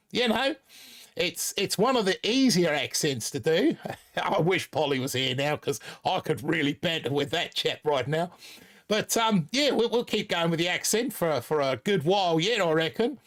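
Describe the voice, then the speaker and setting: A man's voice: fairly high pitch, expressive, normal speed, fairly bright tone. A man in his forties with a put-on Australian accent, chatting casually as host of a live stream and reading out viewer comments. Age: 40s. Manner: chatty, rambling, reads viewer comments aloud.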